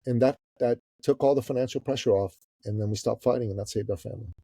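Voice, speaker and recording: A man in his fifties, from Iran, telling a story as a guest on an interview podcast, animated, swearing casually and calling the host "bro". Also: medium pitch, fast, vocal fry, breathy edge, no echo, clean studio sound. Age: 50s. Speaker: guest, business coach.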